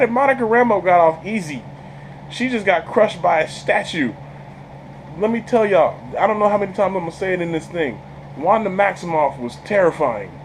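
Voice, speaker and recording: A man giving a casual movie review, an excitable storyteller who stumbles over repeated words, laughs often and talks in slang. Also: high-pitched, a little hiss or hum, poor audio. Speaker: channel host reviewing a film.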